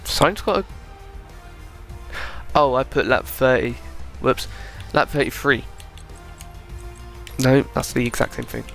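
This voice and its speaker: A man's voice: medium pitch, takes it slowly, gravelly, long pauses, a bit bright, faint music behind. A young man giving casual, chatty commentary over a racing game replay, thinking aloud and correcting himself. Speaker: gaming video creator.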